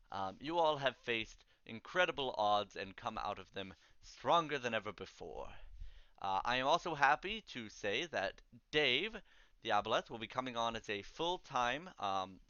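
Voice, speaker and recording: A man voicing a calm, pompous older male headmaster who speaks in measured, formal tones. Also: medium pitch, smooth, no room sound, highs cut off. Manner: formal, measured speech-giving.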